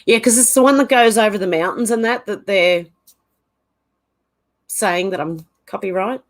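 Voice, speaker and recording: An Australian woman chats through a home livestream, greeting viewers one by one with a lilting "how you going". Her voice sits at an ordinary middle pitch, and her talk is loose and conversational, full of small asides. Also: moderate pace. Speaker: livestream host. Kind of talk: casual chat reading out viewer comments. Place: home room, indoors.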